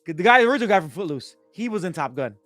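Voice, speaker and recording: An excitable man talks through a movie in casual podcast chat, acting out the scenes. His voice sits a bit high and is recorded close and dry. Faint music plays underneath. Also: very fast, no echo. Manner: animated, excitable, acts out scenes. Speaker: podcast host.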